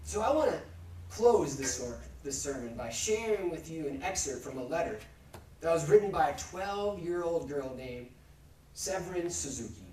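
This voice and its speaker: A man's voice: a little high, lively intonation, mellow, recorded from a distance, slight background noise. Man preaching in an echoey church. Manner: measured preaching with repeated rhetorical refrains. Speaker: pastor. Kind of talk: sermon. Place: church sanctuary.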